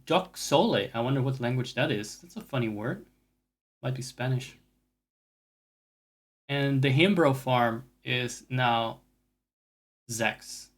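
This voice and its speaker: A man at a middle pitch chats loosely while he plays games on stream. He drifts from topic to topic, swears freely, and pokes fun at himself as he goes. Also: slow pace, long pauses. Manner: rambling and profane, with self-mocking asides. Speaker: game streamer. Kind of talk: casual chat while gaming.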